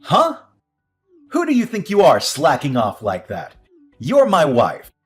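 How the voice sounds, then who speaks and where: An actor playing an entitled young husband who defers to his mother, dismissive and prone to excited outbursts. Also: a little high, a little slow, soft background music. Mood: scornful. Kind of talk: audio drama acting.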